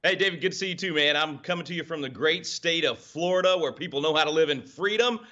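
Upbeat bright-voiced guest on lo-fi line. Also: male voice, on the high side, quick pace. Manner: upbeat, laughing, energetic. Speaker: guest commentator. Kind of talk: interview. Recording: dull lo-fi remote line.

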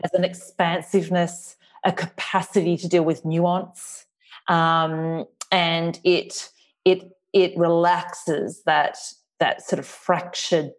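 A woman's voice: fairly low pitch, little pitch movement, slow pace. A woman with an Australian accent and a slight lisp, speaking thoughtfully as an author guest in an interview. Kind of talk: reflective podcast interview.

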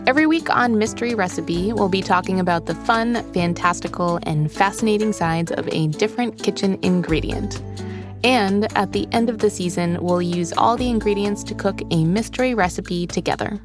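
A woman hosting a scripted children's cooking podcast, explaining steps in a clear, friendly, steady way. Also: mid-range voice, normal speed, music in the background. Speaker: host and magazine editor.

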